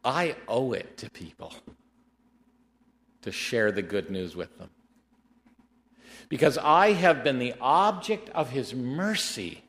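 Animated middle-aged male preacher. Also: mid-range voice. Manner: animated storytelling, slows down for scripture. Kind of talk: sermon with personal story.

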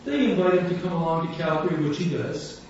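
High-voiced man preaching in an echoey hall. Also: quick pace. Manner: animated storyteller, acts out quoted voices. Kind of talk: sermon storytelling. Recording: echoey hall, distant mic, dull sound, faint room hum.

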